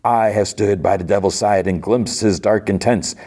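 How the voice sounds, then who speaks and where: A man voicing a cocky male card-playing mutant gambler in his own low, dark voice while recapping an episode on a podcast. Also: steady tone, normal speed, natural voice. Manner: smug, gambling talk.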